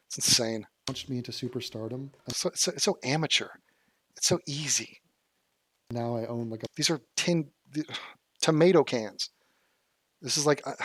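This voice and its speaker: A man's voice: mid-range voice, dry recording. A man from Los Angeles doing sarcastic, profane reaction commentary, mocking clips he reacts to. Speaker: commentary youtuber.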